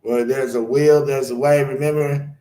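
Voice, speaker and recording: A man's voice: medium pitch, steady tone, normal speed, warm tone, roomy sound, low-quality recording. A man hosting his own spiritual channel, talking loosely and rambling between card readings and chanted blessings.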